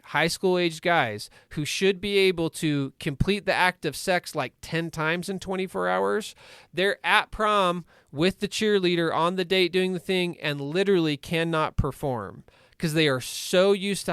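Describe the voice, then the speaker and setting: A man in his forties tells stories in a casual podcast interview, full of asides and quick rhetorical questions. His voice is smooth and clear, a little higher than most men's, and recorded dry and close. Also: dry recording. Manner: animated storytelling with many asides, "like" and "right?". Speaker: recovery coach.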